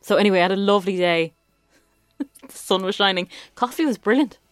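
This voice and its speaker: A woman's voice: mid-range voice, quick pace, no echo, studio quality, faint music behind. A woman co-hosting a radio show, sheepish and self-deprecating in casual banter. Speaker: radio co-host.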